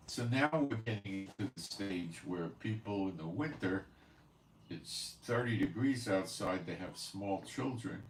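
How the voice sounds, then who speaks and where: Male host, very low voice, loose chatty monologue to viewers, off-mic in a reverberant room. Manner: rambling, conversational, with many fillers and asides. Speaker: channel host. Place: at home in Israel. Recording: roomy echo, voice from a distance, faint background hiss.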